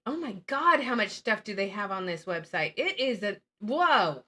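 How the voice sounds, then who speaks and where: A woman's voice: medium pitch, moderate pace, few pauses. A woman host chatting casually and sarcastically while reacting to videos and telling stories. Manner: sarcastic, animated storyteller. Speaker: channel host. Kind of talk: casual commentary chat.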